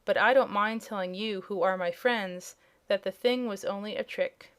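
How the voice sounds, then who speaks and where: Little humbug wizard, older man, genial and measured, read by a woman narrator. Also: medium pitch, a bit bright, clear, resonant tone, lightly acted. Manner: measured, explaining. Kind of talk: audiobook character voice.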